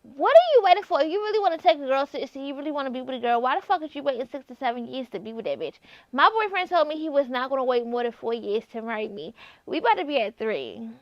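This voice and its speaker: A tipsy woman hosting a casual solo podcast, loud and playful, swearing freely and breaking into song. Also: high voice, big pitch swings, fast, dry recording, highs cut off. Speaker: podcast host.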